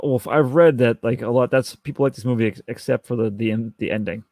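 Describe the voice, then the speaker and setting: A man's voice: mid-range voice, fast talker, a little mellow, dry recording. A man co-hosting a podcast, adding film details and dry quips in casual chat. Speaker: podcast co-host. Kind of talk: casual movie discussion.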